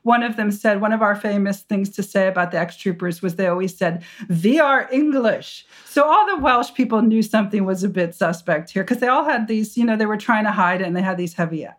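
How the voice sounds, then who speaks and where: Woman, historian, interview guest, animated storytelling, restarts and fillers. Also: medium pitch, quick pace, few pauses. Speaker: historian and author.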